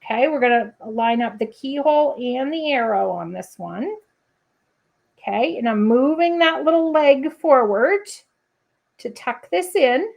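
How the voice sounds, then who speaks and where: A woman's voice: high-pitched, animated, measured pace, gravelly, a little mellow. A woman hosting a casual crafting livestream, chatting to viewers with playful asides and humming little scat tunes while she works. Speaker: papercrafting livestream host.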